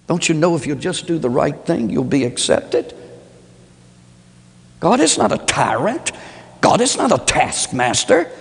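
Male preacher, slow and husky, pleading rhetorical questions, long church reverb. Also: big pitch swings. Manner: swings from low, slow reflection to high, pleading rhetorical questions. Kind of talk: sermon.

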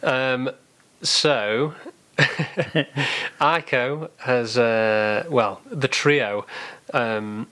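A man's voice: mid-range voice, drawn-out words, pauses often, a bit bright, clean tone. A man hosting a radio show, easygoing, laughing often and stumbling over words. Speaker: radio host. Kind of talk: casual radio chat.

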